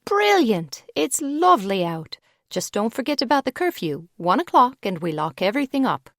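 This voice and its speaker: A woman's voice: a little high, sing-song, normal speed, no echo, clean studio sound, pitched above the performer's own voice. A woman voicing a young, bubbly British floor advisor in an audiobook, chirpy and playful. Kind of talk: audiobook character voice.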